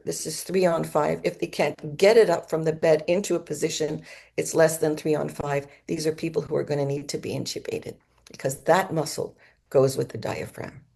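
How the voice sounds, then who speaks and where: Low gravelly woman lecturing. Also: steady tone, normal speed, a little mellow. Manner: explanatory, demonstrates symptoms with her own voice. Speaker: conference speaker. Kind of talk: medical conference lecture. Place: auditorium.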